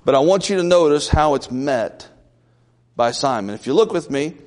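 A man's voice: fairly high pitch, animated, moderate pace, a little mellow. A male pastor preaching a sermon in a church, emphatic and questioning the congregation. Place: church sanctuary. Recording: long reverb of a large church.

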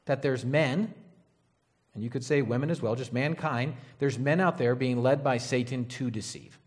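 A man's voice: mid-range voice, normal speed. A man preaching a conversational Bible sermon, casual and rambling, often checking in with "right?". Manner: casual, rambling, frequent "right?" and "you know".

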